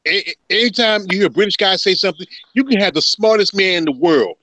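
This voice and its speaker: A man with a high, bright voice that swings lively up and down as he jokes around. He stumbles over his first words, then rolls into a folksy tale, recorded dry and close. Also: fast talker, no echo. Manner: stammering, folksy, joking. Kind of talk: casual chat.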